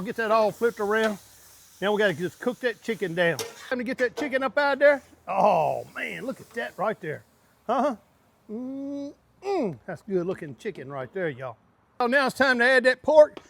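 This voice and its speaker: A man walks viewers through a big outdoor cook, his voice sitting high for a man. He talks in a hearty, excitable way and stretches out his exclamations, like a casual cooking show host.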